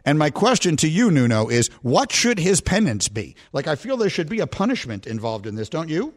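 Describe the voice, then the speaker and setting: Here the man sounds a little high and fairly quick. Behind a studio microphone on his sports radio show, he spins stories in loose banter, laughing at himself as he goes.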